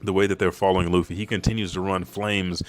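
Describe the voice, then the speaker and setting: A man with a fairly low voice tells comic chapter events in loose, profane, animated storytelling. His casual recap has faint background music under it. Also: fast talker. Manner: profane, animated storytelling, bursts into high-pitched character quotes. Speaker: manga spoiler commentator. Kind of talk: casual recap with acted-out character lines.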